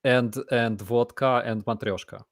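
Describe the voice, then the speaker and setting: A man's voice: mid-range voice, steady tone, unhurried, no echo, studio quality. A man, hosting a casual live chat and talking in a blunt, emphatic way. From Ukraine. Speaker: host.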